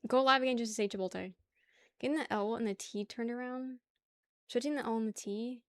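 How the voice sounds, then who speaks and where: A woman's voice: on the high side, steady tone, brisk, dry recording. A young woman livestreaming casual chat with her viewers, rambling, laughing easily and swearing offhandedly. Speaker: livestream host.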